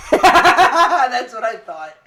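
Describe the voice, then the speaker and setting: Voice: high-pitched, very animated, very slow, bright, forceful tone. A co-host in a casual podcast chat, giving short, laid-back replies and laughing at the jokes. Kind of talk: casual chat about fight picks.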